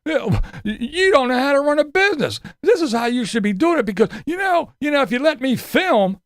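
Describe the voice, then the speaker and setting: A man's voice: very high voice, big pitch swings, a little fast, no room sound, pitched above the performer's own voice, heavily acted. A man voicing an angry, self-important male YouTuber who rants and stammers at a business. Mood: ranting.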